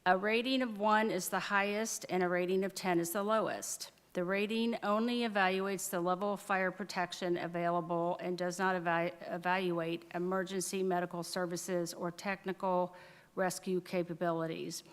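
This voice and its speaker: A woman's voice: on the low side, little pitch movement, normal speed. A woman council member giving a committee report at a city council meeting, reading from notes with frequent fillers. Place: council chamber. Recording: reverberant council chamber.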